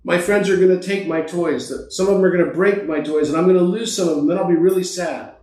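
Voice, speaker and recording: A man voicing an eager little five-year-old boy while telling a story, raising his voice high. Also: steady tone, quick pace, a little mellow, echoey room, lightly acted. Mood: fretful.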